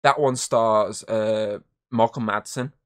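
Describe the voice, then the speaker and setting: This male podcast host has a lowish, clean-toned voice and a slow pace. In his casual movie review chat he rambles, swears often, and gets animated while retelling.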